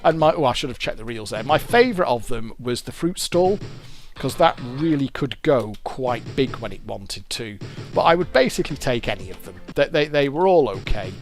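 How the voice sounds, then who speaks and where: A man's voice: mid-range voice, lively intonation, normal speed, soft background music. A British man giving casual, rambling commentary while he plays a fruit machine game and explains its features.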